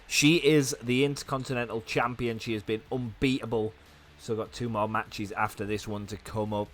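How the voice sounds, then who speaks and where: A young man with a hoarse, fading voice, giving fast, chatty commentary on a wrestling video game. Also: mid-range voice, steady tone. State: hoarse, losing his voice. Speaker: gaming YouTuber.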